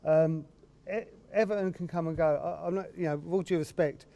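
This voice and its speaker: A man's voice: on the high side, fairly even intonation, brisk, dark tone. A British man giving his view as a football fan guest, hesitant and repeating himself. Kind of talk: fan reaction in studio.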